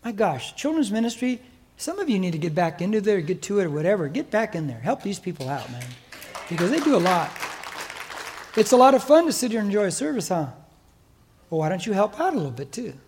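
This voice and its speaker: A man's voice: high voice, sing-song, fast talker, darkish tone, husky, a faint crowd. An older man with an American accent preaching a sermon as pastor in a church, emphatic and exhorting. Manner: emphatic, exhorting, mimics listeners' excuses.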